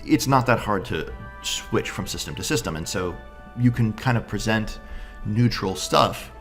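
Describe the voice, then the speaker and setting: A man's voice: lowish voice, a little slow, soft background music. A man casually reviewing tabletop game books, enthusiastic and thinking aloud, often asking "right?".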